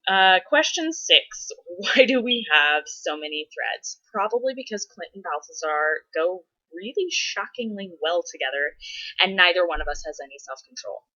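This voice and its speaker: A woman's voice: on the low side, animated, normal speed, pushed and bright, dull audio. A woman vlogging casually, answering follower questions in a chatty way with frequent laughs and dramatic exasperated asides. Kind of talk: casual chat.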